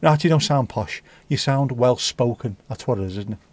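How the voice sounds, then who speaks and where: Swearing livestream host. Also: male voice, mid-range voice, fast talker. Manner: banter with swearing and mock accents. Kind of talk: casual livestream chat.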